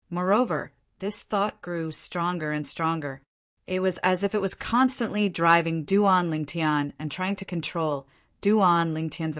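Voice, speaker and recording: A woman narrating an audiobook in scripted fashion. Her reading is even and steady, with a fairly low pitch.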